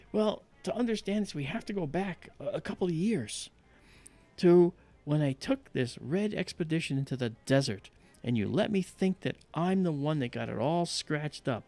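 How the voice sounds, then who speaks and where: A man hosting a livestream, telling a story in casual chat and acting out quotes in high voices. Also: animated, normal speed, darkish tone. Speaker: livestream host.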